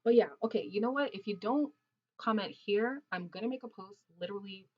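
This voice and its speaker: A woman's voice: medium pitch, brisk, highs cut off. A woman in her mid twenties hosting a casual livestream, chatting with viewers and laughing often in loose slangy talk. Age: 20s. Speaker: livestream host. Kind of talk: casual livestream chat reading viewer comments. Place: Ontario, Canada.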